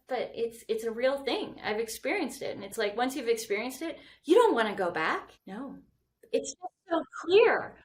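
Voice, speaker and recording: Animated woman, a bit high. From Canada. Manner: animated, laughs often, playful. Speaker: guest architect. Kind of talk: casual podcast interview.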